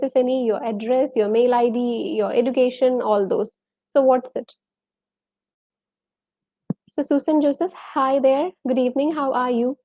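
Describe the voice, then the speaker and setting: A woman's voice: a little high, dark tone, no echo, lo-fi sound. A woman with a Malayali accent teaching a live online English lesson, quizzing viewers and reading out their names and answers.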